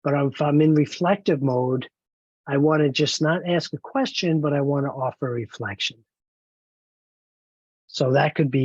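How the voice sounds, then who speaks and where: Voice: medium pitch, normal speed, pauses often, darkish tone, slightly rough, no room sound, highs cut off. A trainer leading an online training webinar, encouraging and explaining step by step over a video call.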